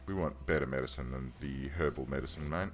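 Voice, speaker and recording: A man's voice: rumbling low, fast, soft background music. A man hosting a let's play, chatting casually and thinking aloud as he plays, often correcting himself mid-sentence. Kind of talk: casual game commentary. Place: home room.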